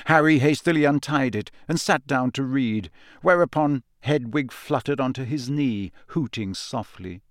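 A man narrating an audiobook with clear, expressive storytelling. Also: mid-range voice, moderate pace, few pauses, no room sound, clean studio sound. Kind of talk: scripted narration.

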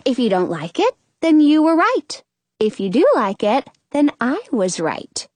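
A woman's voice: high-pitched, very animated, measured pace, a little mellow, no room sound, heavily acted. A woman voicing a playful young woman who loves books, speaking in a teasing, sing-song way in an audiobook reading.

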